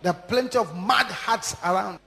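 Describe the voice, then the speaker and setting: A man preaching a sermon, emphatic and repetitive, with sharp rises and drops in his delivery. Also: high-pitched, moderate pace, gravelly. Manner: emphatic, repeating lines with strong rises and drops. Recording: long hall reverb.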